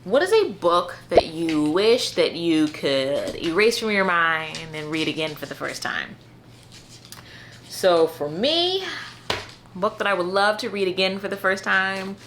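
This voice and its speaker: A woman with a low voice talks through her favorite reads in an easy, unhurried way. She fills her speech with "like" and "you know," sounding earnest and heartfelt about the books she loves. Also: sing-song, a bit bright, slight background noise. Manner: chatty, full of "like" and "you know". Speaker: book reviewer. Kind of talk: casual book review chat.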